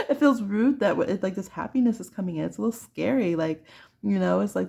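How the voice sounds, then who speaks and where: A woman's voice: medium pitch, a little fast, creaky, warm tone, husky. A woman giving a chatty pick-a-card tarot reading who laughs often and acts out little voices. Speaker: tarot reader.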